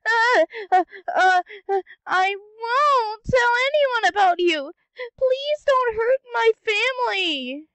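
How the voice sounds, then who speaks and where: A woman voicing a scared young colt who stammers and pleads in a high, tearful voice in an amateur fan audio drama. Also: extremely slow, no echo, full character voice. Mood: frightened.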